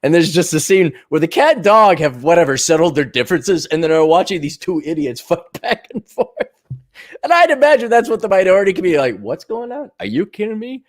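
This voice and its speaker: A man's voice: a little high, expressive, a little fast. A middle-aged man from Minnesota hosting a podcast, ranting casually, swearing and mocking with sarcastic impressions. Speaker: podcast host. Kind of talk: casual monologue.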